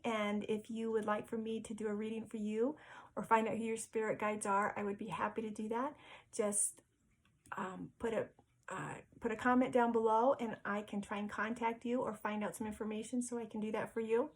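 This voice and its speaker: A woman's voice: on the high side, little pitch movement, normal speed, poor audio. A woman vlogger and spiritual medium telling a personal story to camera, earnest and heartfelt, often stumbling over repeated words.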